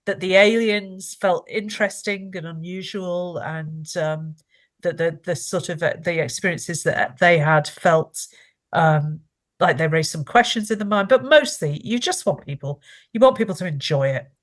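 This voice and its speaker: An author joins a casual podcast interview as a guest, being self-deprecating, laughing often, and restarting her sentences. She speaks at normal speed in a fairly low voice.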